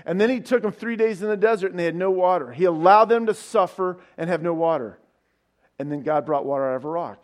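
A man with a high voice preaching a sermon. He retells the story like a storyteller, tossing in casual asides and asking his listeners questions as he goes. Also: fast talker. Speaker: pastor.

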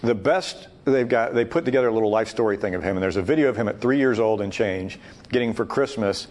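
A man's voice: lowish voice, fast, darkish tone. A man leading a Bible study discussion, talking emphatically and thinking aloud with frequent restarts. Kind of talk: teaching discussion.

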